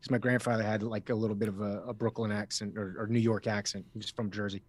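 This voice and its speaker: A man's voice: lowish voice, little pitch movement, quick pace, dry recording. A man from Miami with a slight East Coast accent, a guest telling stories in a casual interview, chatty and rambling with frequent restarts. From Miami, USA. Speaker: guest actor.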